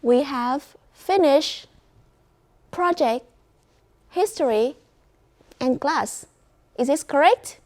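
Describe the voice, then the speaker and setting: Slow high-voiced woman teaching class. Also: expressive, a little mellow. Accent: Vietnamese. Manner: slow, clear teacher talk to a class, praising and prompting students. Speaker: English teacher.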